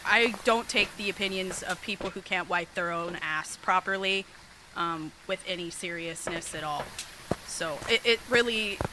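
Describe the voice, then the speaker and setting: A woman streaming a horror game, chatting casually with viewers, sassy and swearing freely, with sudden excited yelps. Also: medium pitch, noisy background. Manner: bursts into excited yelps during scares. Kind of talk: casual live-stream chat over gameplay.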